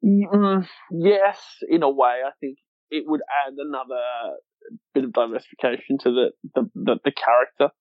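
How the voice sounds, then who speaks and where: A man's voice: mid-range voice, normal speed, no room sound, phone-quality sound. A man co-hosting a podcast, chatting casually and with enthusiasm, swearing now and then. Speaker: podcast co-host. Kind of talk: casual wrestling chat.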